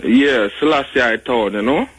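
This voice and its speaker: A man's voice: medium pitch, moderate pace, a bit bright, slightly rough, low-quality recording. A man from Jamaica with a Jamaican accent calling in to a radio show, talking earnestly and rambling with lots of fillers. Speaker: caller. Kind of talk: radio call-in chat.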